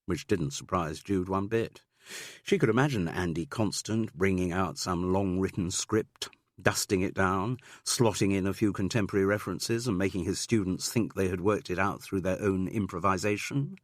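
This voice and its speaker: A man narrating an audiobook in a steady, measured way with dry wit. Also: deep voice, no room sound.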